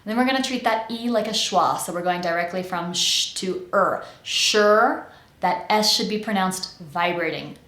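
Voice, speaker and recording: A woman with an American accent teaching pronunciation, enunciating slowly and stretching out each sound. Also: on the low side, a bit bright, reverberant. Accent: General American. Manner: slow, exaggerated enunciation with drawn-out sounds. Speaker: accent coach. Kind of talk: pronunciation lesson.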